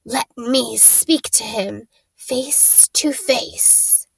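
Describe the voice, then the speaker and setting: A woman voicing an evil male dark lord, a face growing from another man's head, with a high, hissing, slow and menacing voice. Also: gravelly, heavily acted, rough recording. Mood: cold.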